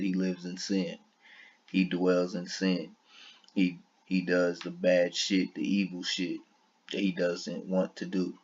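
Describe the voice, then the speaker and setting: A very deep, flat-voiced man delivers combative reaction commentary, cursing constantly and without softening anything. He talks slowly and deliberately. The audio sounds dull and lo-fi. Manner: blunt, combative, heavy swearing. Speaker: online commentator.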